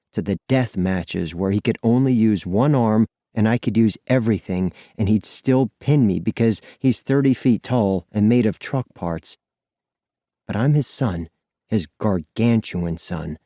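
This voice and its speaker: Low, warm male audiobook narrator. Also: a little slow, no echo, studio quality. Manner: lively, expressive, breathless storytelling. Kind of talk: scripted first-person audiobook narration.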